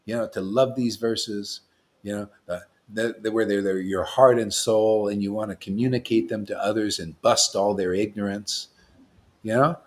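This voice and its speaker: A man's voice: fairly low pitch, normal speed. A man preaching a devotional class in a fervent, rambling way, quoting verses, calling out to the listeners and often tacking "man" onto his lines. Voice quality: excitable, loud bursts, laughs and shouts, slangy with "man".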